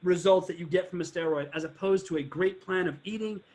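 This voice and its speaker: A man's voice: high-pitched, brisk, darkish tone. A man hosting a podcast, telling stories animatedly in casual interview chat and swearing freely. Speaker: podcast host.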